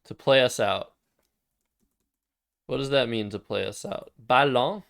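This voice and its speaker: A man's voice: mid-range voice, measured pace, vocal fry, clean tone, no room sound, studio quality. A man casually thinking aloud while playing word games on a live stream. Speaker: streamer and Scrabble player.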